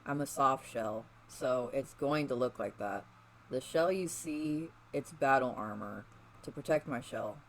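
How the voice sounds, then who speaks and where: A man voicing a moody, defensive young male mutant turtle in a read-aloud fan story, in a flat, grumbling way. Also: medium pitch, unhurried, a little hiss or hum, lightly acted, low-quality recording. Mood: annoyed.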